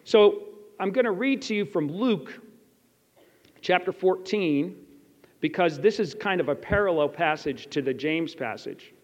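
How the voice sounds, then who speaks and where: A man with a high voice preaches in a chapel, speaking in an earnest storytelling way and putting questions straight to the people in the seats. The sound is slightly dull, and long reverb hangs in the hall around him. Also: expressive, unhurried. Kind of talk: sermon with personal story.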